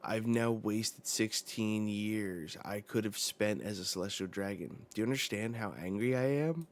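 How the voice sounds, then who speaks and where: Dude reading a bitter teen princess, resentful and cold, low flat voice, slow. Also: male voice.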